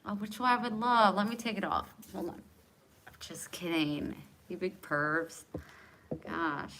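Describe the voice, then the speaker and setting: A woman's voice: fairly low pitch, steady tone, unhurried, background noise. Candid, jokey woman in her forties. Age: 40s. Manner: candid, self-mocking and jokey, chatting to commenters by name; laughs often between lines. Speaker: livestream host. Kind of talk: casual live chat with viewers.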